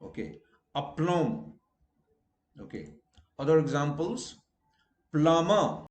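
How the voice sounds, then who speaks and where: A man from India with an Indian English accent, teaching a recorded pronunciation lesson and drawing out each example word slowly and deliberately. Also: fairly high pitch, expressive, darkish tone, reverberant.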